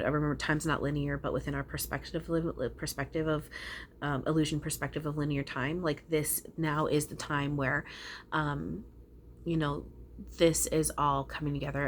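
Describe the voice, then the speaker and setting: Low-voiced woman rambling earnestly. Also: slight background noise. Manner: rambling, earnest, casually profane. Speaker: spiritual channeler. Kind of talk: casual spiritual talk to viewers.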